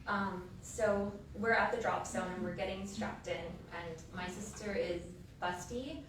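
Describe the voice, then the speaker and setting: A woman's voice: medium pitch, measured pace, recorded from a distance. A woman, the sister of the deceased, giving a eulogy in a funeral home chapel. She tells funny personal stories in a chatty, casual way, full of filler words. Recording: echoey hall, voice from afar, room noise.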